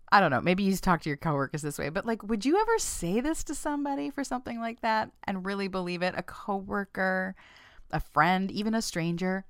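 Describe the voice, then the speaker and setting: A woman hosting a casual self-help talk for listeners, playful and frank, laughing often and jumping in pitch when she acts out quoted lines. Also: no room sound, clean studio sound. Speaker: podcast host.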